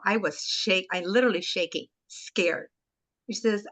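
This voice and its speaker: A woman leads an online group talk over a video call, speaking at a middle pitch. She tells a personal story with heartfelt emotion, drawing listeners into her memories. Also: moderate pace, pushed and bright. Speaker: webinar host.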